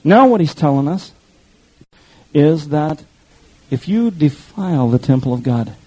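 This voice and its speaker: A man's voice: on the high side, very animated, measured pace, warm tone, husky, low-quality recording. A male pastor preaching an impassioned sermon, speaking directly to his congregation.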